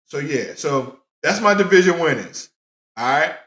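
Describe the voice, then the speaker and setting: Excitable sports-talk host, roomy echo. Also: male voice, on the high side, a little slow. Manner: animated, talks to chat viewers by name. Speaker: podcast host. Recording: roomy echoey room.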